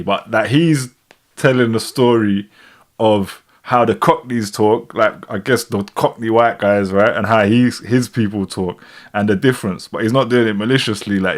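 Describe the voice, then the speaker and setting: London guy in his thirties, relaxed livestream host, low-ish voice, rambling chat. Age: 30s. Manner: relaxed, rambling, keeps saying "do you know what I'm saying". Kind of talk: casual live reaction chat.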